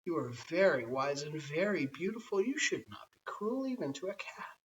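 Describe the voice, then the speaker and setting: A man's voice: sits high, moderate pace, a bit bright. A man voicing a proud, sly male cat who walks by himself, speaking in a haughty, wheedling way, in a bedtime story reading. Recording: slightly distant, dull lo-fi home recording.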